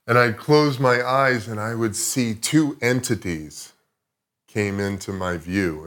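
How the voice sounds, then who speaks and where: A man's voice: low voice, a bit bright. A man talking as a podcast guest, telling a rambling, profane, reflective story in a casual chat.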